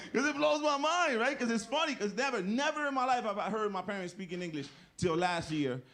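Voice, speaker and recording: High-voiced man doing stand-up. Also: normal speed. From Puerto Rican family. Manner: animated storytelling, slips into Spanish. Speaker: stand-up comedian. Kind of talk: stand-up comedy set. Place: comedy club stage with live audience.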